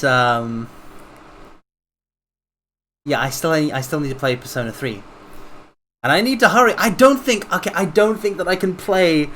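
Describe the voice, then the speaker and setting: A man streaming a video game, rambling casually and breaking into quick exclamations. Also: fairly high pitch, fairly bright tone, a little hiss or hum. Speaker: livestreamer playing a video game. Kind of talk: casual gameplay commentary.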